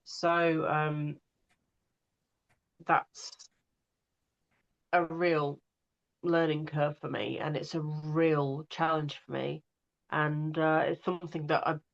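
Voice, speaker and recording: A woman's voice: sits low, flat delivery, slow pace, gravelly, long pauses. Woman, audiobook narrator, casual interview, hesitant, muffled lo-fi sound. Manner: hesitant, many restarts and fillers.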